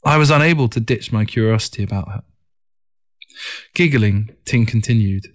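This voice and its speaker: Man narrating a reflective audiobook. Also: lowish voice. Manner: measured, reflective storytelling.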